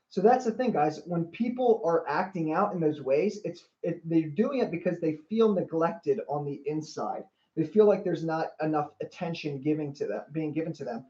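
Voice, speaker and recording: A life coach with a fairly high, slightly mellow voice gives an earnest motivational talk on a livestream. He repeats phrases and greets viewers by name, and the audio sounds roomy and a little dull.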